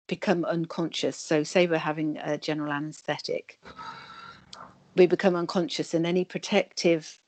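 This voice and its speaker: A woman guest on a video call interview, calmly explaining energy healing. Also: sits low, no echo. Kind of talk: interview answers.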